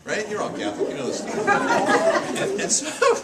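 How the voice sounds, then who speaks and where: A man's voice: very high voice, wildly swooping pitch, normal speed, a loud crowd. A man giving a humorous storytelling talk to a live audience. He laughs often and repeats words as he restarts his sentences. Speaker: author giving a public talk. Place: senior center hall with an audience. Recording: echoey hall, loud audience laughter and noise.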